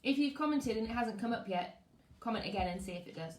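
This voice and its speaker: A woman's voice: fairly high pitch, quick pace. A woman teaching her class over a live stream from home, greeting pupils by name and chatting before reading aloud. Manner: lively, greets pupils, reads out comments. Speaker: primary school teacher. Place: at home, living room. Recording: echoey room.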